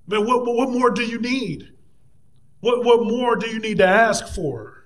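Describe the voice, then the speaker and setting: A man preaching a conversational sermon, animated and playful, slipping into mocking voices. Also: very high-pitched, measured pace.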